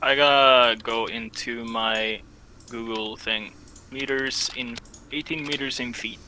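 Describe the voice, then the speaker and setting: A man narrating a tabletop game as game master, often pausing and searching for words. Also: mid-range voice, steady tone, background noise. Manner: hesitant, searching for words with many fillers.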